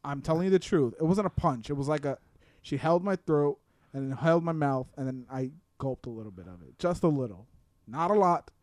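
A man's voice: fairly high pitch, lively intonation, brisk, a little mellow, no room sound. A young man co-hosting a podcast, telling crude stories in a rambling, laughing way from an apartment. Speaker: podcast co-host. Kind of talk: casual crude chat. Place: apartment room.

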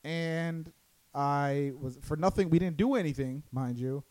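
Crude, animated man telling a story. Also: a little high, measured pace, dry recording, rough recording. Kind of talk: casual storytelling chat.

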